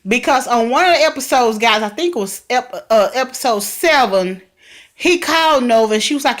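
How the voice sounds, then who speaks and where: A woman vlogger chatting excitedly as she recaps a TV drama, talking straight to her viewers. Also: high-pitched, normal speed. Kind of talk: casual TV recap vlog.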